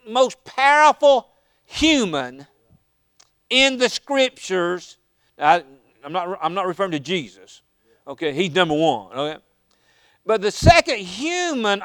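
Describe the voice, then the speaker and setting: Preacher guy, real high bright voice, folksy and fired up, dry close sound. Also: smooth, no echo. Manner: folksy storytelling, rising to impassioned shouts. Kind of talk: sermon.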